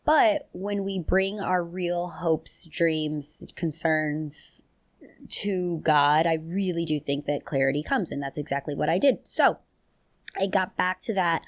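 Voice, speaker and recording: Woman podcast host, low voice, animated chatty delivery, dry close recording. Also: no room sound. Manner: chatty and animated, quick jumps in pitch, laughs often, loose slang. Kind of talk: casual solo podcast chat.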